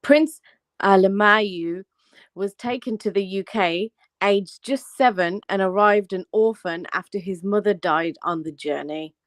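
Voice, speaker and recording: A woman's voice: mid-range voice, a little slow, no room sound. A woman with a Birmingham accent on a casual live panel stream, reading a news article aloud with small slips and corrections.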